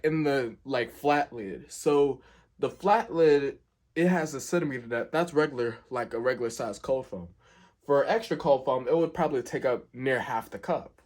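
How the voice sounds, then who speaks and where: A young man telling a work story in a casual storytime, rambling and filling gaps with "like" and "um". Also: medium pitch. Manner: rambling, filler-heavy, keeps saying "like".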